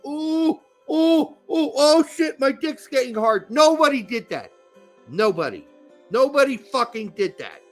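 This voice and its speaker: A man's voice: extremely high pitch, fairly bright tone. A man co-hosting a soccer podcast, ranting crudely and sarcastically. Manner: crude, sarcastic, ranting, mock-emotional asides. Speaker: podcast co-host. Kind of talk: heated casual soccer rant.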